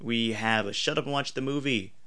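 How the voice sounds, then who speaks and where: A man's voice: mid-range voice, a little fast, a crowd in the background. A man co-hosting a casual podcast, talking in a playful, jokey and enthusiastic way. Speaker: podcast co-host. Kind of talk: casual chat.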